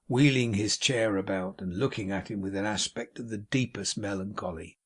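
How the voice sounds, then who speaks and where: Husky-voiced male reader, measured classic-novel narration. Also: fairly low pitch. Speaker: audiobook narrator. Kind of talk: audiobook narration.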